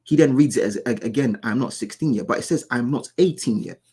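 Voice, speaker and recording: A man's voice: mid-range voice, a little fast, darkish tone, husky. A man giving casual, insistent reaction commentary, often repeating and restarting his words as he argues his point. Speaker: commentary YouTuber.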